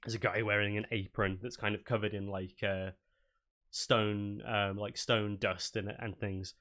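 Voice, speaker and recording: A man's voice: fairly low pitch, level tone, unhurried, a bit bright. A man running a tabletop game as dungeon master, narrating loosely with many fillers.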